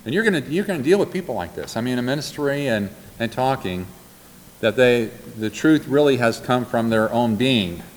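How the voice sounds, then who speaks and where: A man teaching a Bible class from notes, earnest and deliberate, repeating and slowing down on key points. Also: medium pitch, expressive. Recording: long hall reverb, faint background noise.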